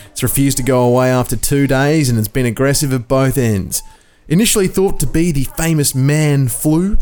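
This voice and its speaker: This is a man doing an impression of his sick male co-host. The voice stays dry and mock-solemn while it reads out a comic letter. The pitch sits in an ordinary middle range. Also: darkish tone, natural voice. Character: ailing young male co-host writing a wry letter. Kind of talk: reading a comic letter aloud.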